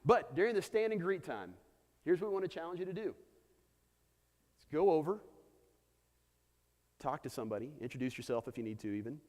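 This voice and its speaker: A man's voice: a little fast, pauses often. A man preaching a sermon to his church, telling a personal story and challenging the room. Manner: personal storytelling, animated pitch. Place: church hall. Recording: long hall reverb.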